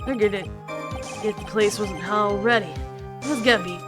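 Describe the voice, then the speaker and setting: A woman's voice: mid-range voice, moderate pace, lightly acted. Woman voicing a male mobster, put-on Brooklyn accent, tough-guy slang, bullying, faint music behind. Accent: put-on Brooklyn, drifting southern. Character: gruff male mobster lobster, bullying and defiant. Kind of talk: voicing game text in a playthrough.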